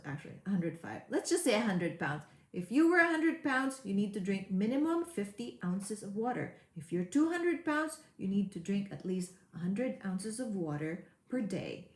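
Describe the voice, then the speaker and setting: A woman's voice: mid-range voice, reverberant. A woman coach giving a motivational webinar, earnest and repeating key words for emphasis. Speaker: high performance coach. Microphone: webinar mic.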